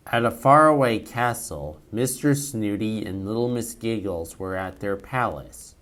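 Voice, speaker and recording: A man's voice: on the low side, lively intonation, unhurried, fairly bright tone. A man reading a homemade cartoon story aloud as narrator.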